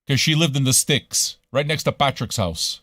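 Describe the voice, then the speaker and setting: A man's voice: medium pitch, animated, moderate pace, pushed and bright, no echo, studio quality. A man from Montreal hosting a casual livestream radio show, talking in a profane, rambling way and dropping into French now and then. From Montreal, Canada.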